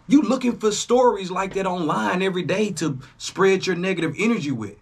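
A young man, hosting a reaction channel in a casual, profane monologue that swings between loud jabs and low asides. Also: lively intonation, normal speed, slightly rough. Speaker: YouTube reaction host.

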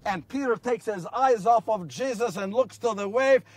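A man's voice: high-pitched, normal speed, no echo, far from the mic. A man playing an earnest apostle who recalls miracles in a first-person monologue, telling the story and asking his listeners questions, recorded outdoors. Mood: awed. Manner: storytelling, rhetorical questions to listeners, builds to shouts. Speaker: actor in a one-man biblical monologue. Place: outdoors on location.

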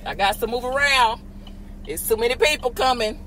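A woman podcast host giving a live faith talk while driving, breaking into loud joyful praise. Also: a little high, normal speed, rough recording. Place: in a car. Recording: street and car noise. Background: car and road noise.

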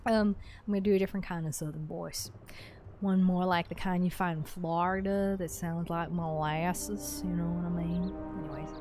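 A woman hosting a live game stream, chatting and reacting loudly to what happens in the game. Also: on the low side, fairly even intonation, moderate pace, faint music behind. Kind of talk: live gameplay stream chat.

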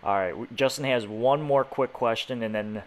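A man's voice: mid-range voice, normal speed, a little hiss or hum. A man hosting a podcast, thanking a guest and signing off in a friendly way. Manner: friendly, wraps up with scripted sign-off. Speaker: podcast host. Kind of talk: casual podcast chat.

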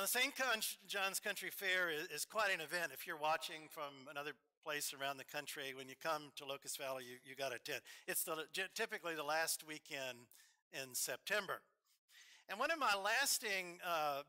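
Brief: man with an Alabama accent, eulogizing from a church, very bright, fairly high voice, anecdotal and halting. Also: clear, resonant tone. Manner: storytelling, warm asides, hesitant fillers. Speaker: officiant. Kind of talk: eulogy at a memorial service.

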